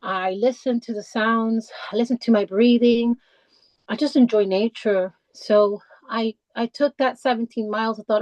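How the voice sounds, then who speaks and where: A woman guest on a podcast, telling her own story in a halting, heartfelt way with many restarts and fillers. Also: a little high, steady tone, darkish tone, dry recording, rough recording. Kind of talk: personal conversational storytelling. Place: lives in the English countryside.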